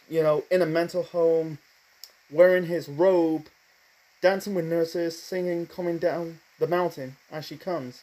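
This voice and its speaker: A man's voice: sits high, warm tone, poor audio. Man rambling through a wrestling review. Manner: rambling, many fillers and asides, admits speaking too fast. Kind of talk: casual spoken review monologue.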